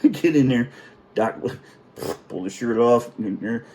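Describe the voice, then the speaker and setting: A man's voice: mid-range voice, a little slow, darkish tone. A middle-aged man telling a story in a casual, profane, self-mocking way.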